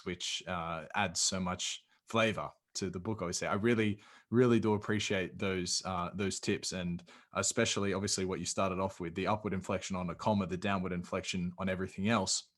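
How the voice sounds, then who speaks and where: An Australian man hosts a casual podcast interview. His voice is very low. He sounds relaxed and eager. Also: fairly quick, hardly any pauses. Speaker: podcast host.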